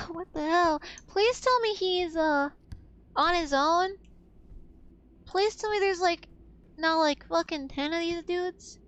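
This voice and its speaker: A young woman chats casually while streaming a game, swearing freely, gasping "oh my god," and shrieking with startled laughter. Her voice is extremely high and a bit bright, she takes it slowly, and the audio is dull.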